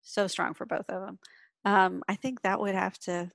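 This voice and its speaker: A woman co-hosting a casual fan discussion, talking in a halting way and repeating words as she starts. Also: mid-range voice, level tone, creaky, a bit bright, no echo, clean studio sound.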